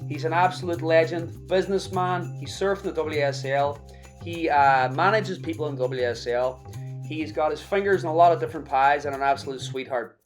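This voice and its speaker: A man's voice: a little high, a little fast, faint music behind. A man hosting a podcast, giving a chatty, upbeat intro and plugging his projects straight to listeners. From Ireland. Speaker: podcast host. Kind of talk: solo podcast intro and promo read.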